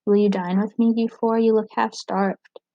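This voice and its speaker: A woman's voice: medium pitch, level tone, moderate pace, mellow, no room sound, lo-fi sound, close to an everyday voice. Woman voicing a frail fevered young queen.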